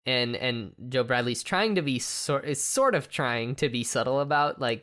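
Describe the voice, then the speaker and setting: Very low-voiced young woman chatting. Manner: relaxed, halting, laughs a lot. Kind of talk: casual chat about a film.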